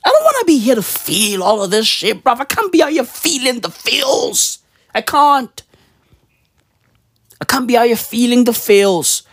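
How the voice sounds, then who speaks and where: A woman's voice: a little high, sing-song, unhurried, slightly rough, dry recording, studio quality. A woman vlogger in a profane, slangy comedic rant, mimicking sounds as she goes.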